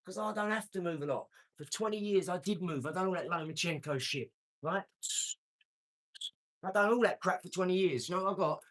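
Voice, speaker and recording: A man's voice: high-pitched, a little fast, fairly bright tone. A man, talking brashly and boastfully on his own live stream, answering comments. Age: 40s. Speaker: livestream host.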